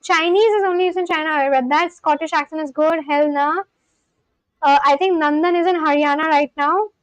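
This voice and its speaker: A woman's voice: high voice, steady tone, fairly quick, no echo, highs cut off. A woman casually rambling on a livestream, reading out viewer comments and answering them. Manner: rambling, reads chat aloud and answers it. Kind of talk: casual live-stream chat.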